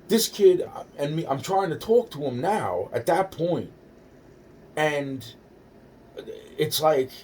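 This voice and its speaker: A man's voice: on the high side, a little mellow, far from the mic, a little hiss or hum. A man in his forties telling a personal story in a rambling, profane way, often repeating himself.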